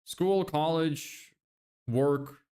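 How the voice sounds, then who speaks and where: A man's voice: on the high side, extremely slow, dark tone. Chatty young man streaming. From Ireland. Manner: loose and chatty, swears, laughs often. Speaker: livestreamer and agency owner. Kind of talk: casual livestream chat reading viewer messages.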